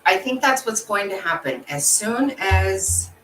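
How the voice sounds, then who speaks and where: A woman's voice: mid-range voice, lively intonation, unhurried, a bit bright. A woman host chatting casually with her viewers, blunt and emotional, swearing freely as she answers their comments. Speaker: channel host. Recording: roomy echo, distant from the mic, faint background noise.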